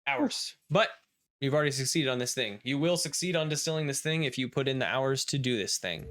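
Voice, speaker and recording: A man narrating a tabletop role-playing game as game master, talking in quick, lively bursts with frequent restarts. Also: medium pitch, background noise.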